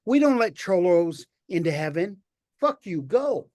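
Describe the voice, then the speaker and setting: A man's voice: high-pitched, big pitch swings, unhurried, a little mellow, no room sound, studio quality. A man voicing Saint Peter as a blunt, rude male gatekeeper of heaven in a spoken joke. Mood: gruff. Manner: blunt and curt.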